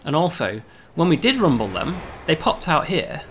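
A man, a game developer, casually explaining a game demo, often pausing on "um" and checking with "right?". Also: fairly high pitch, sing-song, fairly bright tone, a little hiss or hum.

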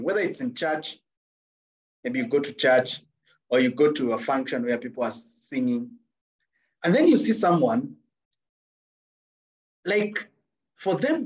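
Male seminar trainer, higher-pitched voice, lively conversational delivery with humorous examples. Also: low-quality recording. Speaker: seminar trainer on personal branding.

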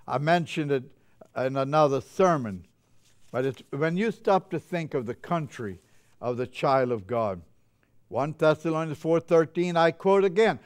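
Delivering a chapel sermon, an older male preacher brims with fervent, joyful energy that keeps carrying him away. His voice, a little high for a man, stays smooth and resonant throughout.

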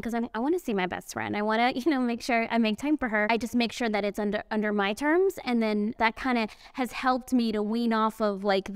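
A young woman talks casually on a panel, full of fillers and little asides. Her voice sits a bit high and sounds clear and smooth, recorded dry and close. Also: no room sound. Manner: chatty, lots of fillers and asides. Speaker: panel speaker. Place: event venue indoors.

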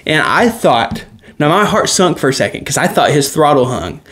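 A man hosting a casual racing chat show, telling stories excitedly and laughing often. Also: on the high side, moderate pace. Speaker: podcast host.

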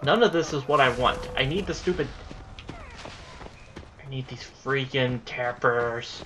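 A young man giving casual let's-play commentary, chatty and easily frustrated, breaking into excited yelling during chases. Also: mid-range voice, measured pace, background noise. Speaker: gameplay commentator.

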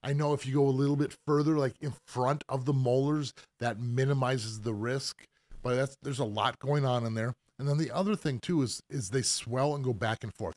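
A middle-aged man at a mid pitch, talking shop about piercings on a casual live stream. He explains things loosely and patiently, with fillers and restarts as he goes. The sound is dry and close, with almost no room. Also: darkish tone, dry recording. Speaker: professional piercer hosting a live Q&A.

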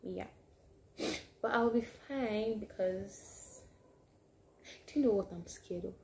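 A woman telling a personal story to camera in a casual vlog, animated and sometimes dropping to hushed asides. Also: medium pitch, slow, slight background noise. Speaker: vlogger.

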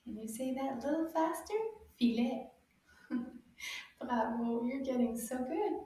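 A woman teaching children French words, encouraging them and repeating each word slowly with sound clues. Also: high voice, dark tone, distant mic. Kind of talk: slow, drawn-out teaching for kids. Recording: very echoey room, a bit off-mic.

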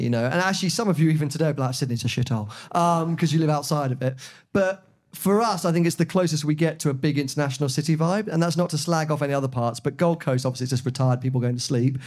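A man co-hosting a live podcast, telling stories in an animated, joking way before an audience. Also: a little high, fast talker. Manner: excitable storyteller, animated and joking. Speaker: podcast co-host.

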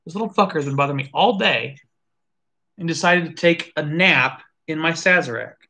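A host casually chatting through a live whiskey tasting, animated, thinking aloud and swearing now and then. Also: medium pitch, fairly quick, slight background noise.

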